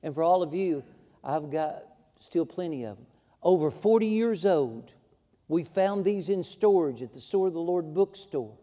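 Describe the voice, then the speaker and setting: A man's voice: a little high, expressive, normal speed, warm tone, long reverb tail. A man preaching a sermon in a folksy, emphatic way, building to fervent passages. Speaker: pastor. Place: church sanctuary.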